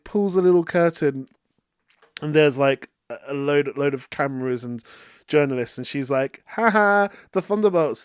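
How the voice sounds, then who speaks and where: A man hosting a casual, chatty movie review, talking excitedly and often saying "like". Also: a little high, no room sound, clean studio sound. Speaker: film review host.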